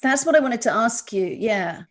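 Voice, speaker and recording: A woman's voice: on the high side, expressive, moderate pace. A woman hosting a podcast, a comedian herself, chatting with her guest in long rambling turns full of restarts. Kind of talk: casual interview chat.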